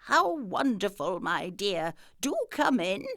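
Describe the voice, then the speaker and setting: A woman's voice: medium pitch, very animated, slow, a bit bright, no echo, clean studio sound, full character voice. A woman voicing a crafty, sly male wolf from a storybook, speaking falsely sweet.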